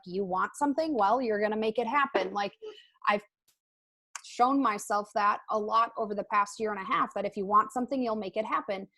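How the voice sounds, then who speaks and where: A young adult woman hosting a casual motivational team call, chatty and full of fillers. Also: medium pitch. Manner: chatty, lots of "like" and "um". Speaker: team call host and coach.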